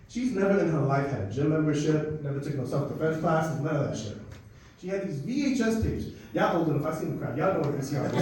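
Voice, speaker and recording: High-voiced comedian in an echoey club. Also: male voice, far from the mic, slight background noise. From Dominican heritage. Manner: animated storytelling with crowd work, profane. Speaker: stand-up comedian. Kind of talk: stand-up comedy set.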